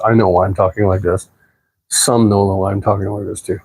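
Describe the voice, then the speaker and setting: A man's voice: low voice, brisk, slight background noise. Rambling man. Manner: rambling, relaxed, with swearing and many fillers. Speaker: livestreamer. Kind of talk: casual livestream chat answering viewers. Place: apartment at home.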